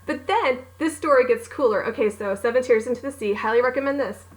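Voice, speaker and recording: Speaking fast in a slightly high voice, a young woman author and book vlogger casually talks through her favorite books for a recommendation vlog. She's bubbly and gushing, acting out how she reacted. The audio is poor.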